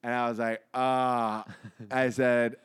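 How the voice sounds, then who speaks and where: A man's voice: mid-range voice, level tone, slow pace, smooth. A young man in casual podcast chat, joking around and swearing as he tells an awkward story. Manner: joking, interjects, swears freely.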